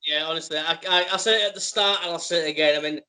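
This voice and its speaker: A man's voice: a little high, steady tone, very fast, bright, forceful tone, clean tone, rough recording. A man with an English accent co-hosting a casual podcast, talking eagerly with frequent restarts. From England. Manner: enthusiastic, stammers on restarts. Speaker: podcast co-host. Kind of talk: casual interview chat.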